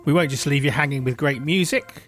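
A man's voice: on the high side, fairly quick, over loud music. A man hosting a community radio show, chatting in a jovial, friendly way. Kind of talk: casual radio chat. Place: radio studio.

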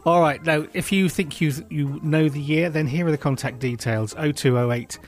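A chatty man hosting a radio show from the studio, his voice sitting a touch high. He banters jovially and keeps things friendly. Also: normal speed. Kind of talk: casual radio chat.

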